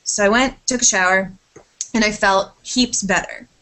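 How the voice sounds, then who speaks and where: A woman's voice: medium pitch, steady tone, normal speed, fairly bright tone. A woman in casual podcast chat, telling a rambling, sidetracked story with casual swearing and a lot of apologizing.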